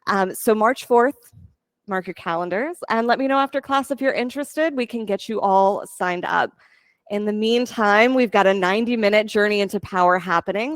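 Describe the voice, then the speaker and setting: A woman teaching a yoga class, giving calm, steady cues for breath and movement. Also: medium pitch, normal speed, no echo. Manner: calm, steady instructional cueing. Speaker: yoga instructor. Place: yoga studio.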